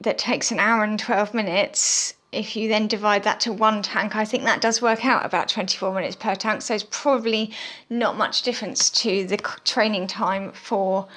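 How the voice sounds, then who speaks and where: A woman's voice: medium pitch, fairly even intonation, normal speed, fairly bright tone. Female gaming host, mid-range voice, casual rambling commentary over gameplay. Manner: chatty, filler-heavy, addresses viewers as guys. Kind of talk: mobile game commentary.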